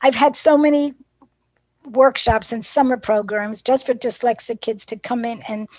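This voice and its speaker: A woman teacher trainer with a somewhat high voice gives a professional development talk. She tells classroom stories in a lively way and acts out both sides of the dialogue. The sound is dry and close. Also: moderate pace, no echo.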